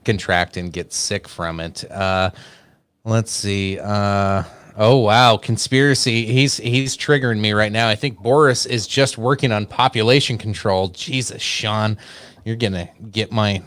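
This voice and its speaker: A man co-hosting a casual podcast chat in a somewhat low voice. He sounds laid-back and teasing, and laughs easily. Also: a little slow, fairly bright tone, dry recording. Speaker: podcast co-host.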